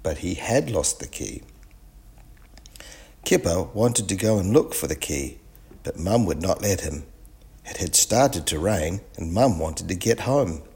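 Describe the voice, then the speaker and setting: A man narrating a children's storybook in a clear, expressive reading. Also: low voice, measured pace, pauses often.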